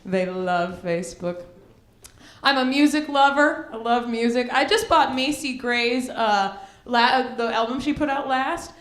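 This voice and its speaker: Slow, bright stand-up woman in echoey club. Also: fairly high pitch. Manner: drawn-out mocking impressions, sings parodies. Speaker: stand-up comedian. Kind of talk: stand-up set. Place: comedy club stage.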